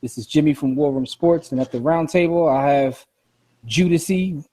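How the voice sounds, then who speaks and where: Husky-voiced man hosting a podcast. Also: fairly high pitch, moderate pace, mellow, rough recording. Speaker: podcast host. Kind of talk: casual sports-podcast hosting.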